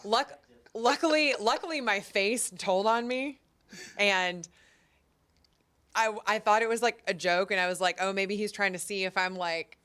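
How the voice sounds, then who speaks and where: A woman in her thirties co-hosting a casual talk show, telling stories with lively acted-out quotes. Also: mid-range voice, a little slow, clean tone. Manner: animated storyteller, acts out quotes. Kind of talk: casual chat.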